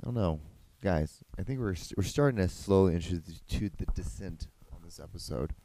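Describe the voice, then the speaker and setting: A man's voice: sits low, fairly quick, dark tone. A man hosting a solo podcast, talking casually and ranting with heavy swearing. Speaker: podcast host.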